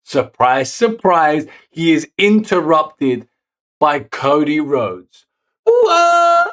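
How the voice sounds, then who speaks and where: A man hosting a wrestling recap narrates casually in a higher register, taking his time but getting excited at the big moments. He corrects himself and chooses his words as he goes.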